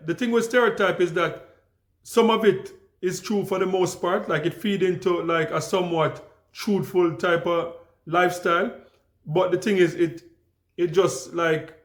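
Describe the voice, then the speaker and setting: A young adult man with a Jamaican accent, telling stories to the camera in a calm, easygoing way with many restarts. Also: a little high, echoey room. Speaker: vlogger. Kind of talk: casual storytelling to camera.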